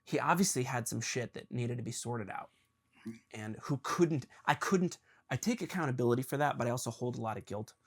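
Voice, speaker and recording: A young man hosting a podcast, talking earnestly and confessionally with his father, halting with ums and restarts. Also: mid-range voice, expressive, slightly rough. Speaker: podcast host. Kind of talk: emotional conversation with his father.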